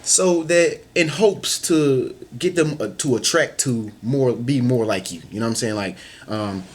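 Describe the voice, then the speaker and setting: Husky-voiced male vlogger, relaxed slangy motivational talk, mid-range pitch, playful. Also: measured pace. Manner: loose and slangy, full of "you know what I'm saying"; playful, acts out little scenes in other voices. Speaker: vlogger giving advice.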